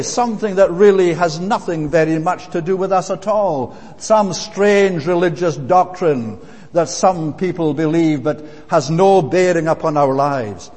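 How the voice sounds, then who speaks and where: A man preaching an expository sermon in a measured way, often pausing on "eh". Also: a little high, darkish tone. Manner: measured, frequent "eh" fillers. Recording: long hall reverb.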